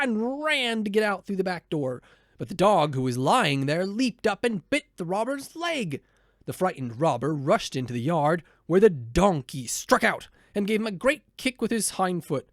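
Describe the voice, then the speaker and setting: A man reading a children's storybook aloud in an expressive, animated way. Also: fairly high pitch, moderate pace, no echo, studio quality. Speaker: storybook narrator. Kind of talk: scripted storybook narration.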